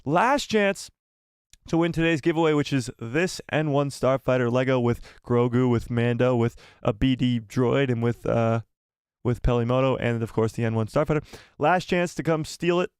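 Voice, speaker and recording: A man hosting a live stream, chatting casually and excitedly with his viewers and jumping between topics. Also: medium pitch, moderate pace, clear, resonant tone, dry recording, clean studio sound.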